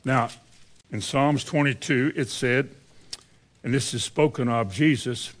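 A man's voice: on the high side, unhurried. A man in his seventies preaching a conversational sermon, full of rhetorical questions and wide swings in delivery. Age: 70s.

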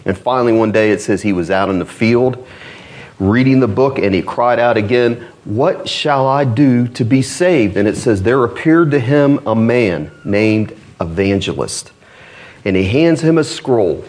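A man's voice: animated, normal speed, darkish tone. A man preaching a sermon, reading an old allegory aloud with dramatic rises on the characters' cries. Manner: reads old-fashioned text dramatically, rising pitch on cries.

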